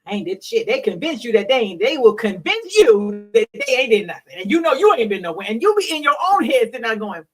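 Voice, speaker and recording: A middle-aged woman who hosts and works at a hospital talks frankly and bawdily to her audience in a candid solo chat, preachy and laughing often. Her fairly high voice is very animated and fast with few pauses, and the distant mic makes for a rough recording.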